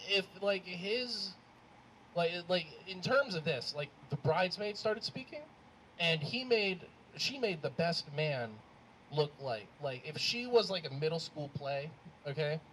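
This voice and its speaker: A man doing a stand-up comedy set on a club stage, rambling and animated with lots of fillers. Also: on the high side, measured pace. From Arab American. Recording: live club mic with faint crowd noise.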